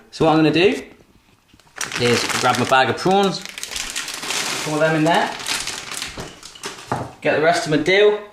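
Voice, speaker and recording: A cheerful English man chats his way through a recipe, calling his viewers guys and letting out loud whoops. His voice sits a little high for a man. It bounces around a roomy kitchen over a faint hiss. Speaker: cooking vlogger. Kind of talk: casual cooking demonstration. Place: home kitchen.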